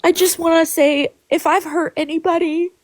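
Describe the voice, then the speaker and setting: A woman hosting a livestream, tearful and apologetic, talking in halting bursts through crying. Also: extremely high pitch, fairly even intonation, dry recording, clean studio sound. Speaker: livestream host. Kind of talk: emotional livestream chat.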